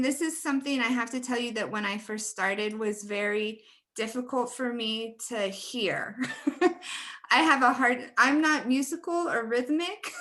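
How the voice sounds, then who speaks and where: Bright-voiced woman leading a webinar. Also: a little high. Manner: friendly, laughs often, demonstrates word stress. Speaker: teacher trainer. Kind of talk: webinar presentation.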